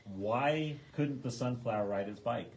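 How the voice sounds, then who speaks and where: A man's voice: medium pitch, a little slow, a little mellow. A man co-hosting a live sewing lesson, chatting casually and telling corny jokes. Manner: chatty, tells corny jokes, easy laughs. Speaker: sewing shop co-host. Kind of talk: casual live-stream chat.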